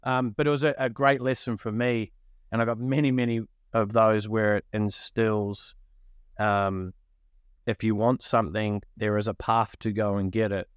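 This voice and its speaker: A middle-aged man from New Zealand hosting a podcast, telling a childhood story in a casual, animated way and acting out the people he quotes. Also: fairly low pitch, normal speed, clear, resonant tone, no room sound, studio quality. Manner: animated, acts out quoted voices. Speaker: podcast co-host.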